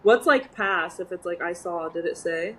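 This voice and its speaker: A young woman co-hosting a casual chat, animated and giggly, trying out made-up words aloud. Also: fairly low pitch, normal speed, low-quality recording. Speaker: co-host.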